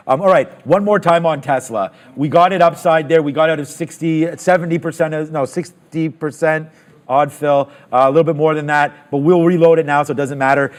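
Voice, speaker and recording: A man on a live trading stream, commenting on the markets as prices move. He talks in a fairly high voice and thinks out loud, with lots of fillers and sudden excited asides. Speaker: trading show host.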